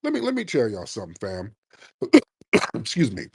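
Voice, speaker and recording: A man's voice: on the low side, wildly swooping pitch, normal speed, creaky, husky, no echo, studio quality. A man hosting a live call-in audio chat with a lingering cough, brash and sarcastic, cursing freely as he takes callers. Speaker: host.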